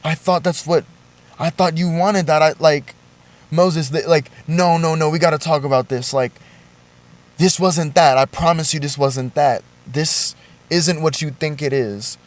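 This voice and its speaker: A man's voice: fairly high pitch, fairly even intonation, unhurried, natural voice. A man putting on the voice of an anxious young woman who pleads and keeps repeating herself. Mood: pleading. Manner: insistent, repeating and reassuring.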